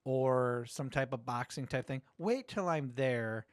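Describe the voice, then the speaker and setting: A middle-aged man hosting a podcast, telling a story in casual chat, animated, swearing and acting out quotes. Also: medium pitch, a little slow, no room sound, clean studio sound. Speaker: podcast host.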